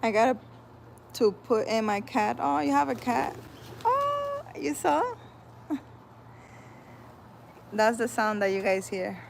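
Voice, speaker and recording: Outdoors on a relaxed livestream, this spiritual healer welcomes viewers by name and talks loosely while going through their comments. She speaks at medium pitch over slight background noise.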